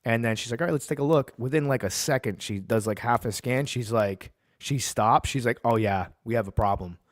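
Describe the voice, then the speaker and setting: A man's voice: mid-range voice, fairly quick, no echo. A man hosting a sports talk stream, talking in a plain mid-range voice. He rants with heat and tells stories casually. The sound is dry and close, with no room around it. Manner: heated ranting, then relaxed storytelling. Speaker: podcast host.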